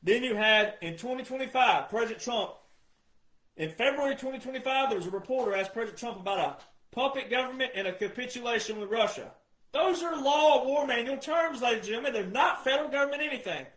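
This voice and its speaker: Male commentator, insistent and repetitive delivery, higher pitch, echoey room sound. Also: expressive, fast talker. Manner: insistent, repetitive, addresses "ladies and gentlemen". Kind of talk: emphatic monologue.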